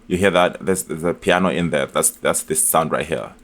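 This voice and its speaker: A man with a very low voice talks through a music production tutorial in a loose, chatty way. He stumbles and restarts often and leans on fillers. Beat elements play clearly behind his voice. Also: moderate pace. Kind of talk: casual tutorial walkthrough. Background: beat elements playing from the project.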